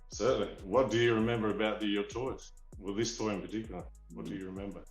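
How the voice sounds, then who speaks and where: Aussie guy rambling excitedly, lowish voice, roomy sound with faint music. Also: quick pace. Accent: Australian. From Australia. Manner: eager, rambling, restarts often. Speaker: figurine collector, guest. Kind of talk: casual interview storytelling.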